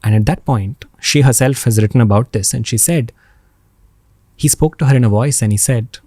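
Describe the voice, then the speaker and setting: A man, speaking as a podcast guest. He tells spiritual stories earnestly and expressively, pausing and repeating words for emphasis. His voice sits at an ordinary middle pitch, close to the mic in a dry, dead room. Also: mellow, dry recording. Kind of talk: spiritual storytelling.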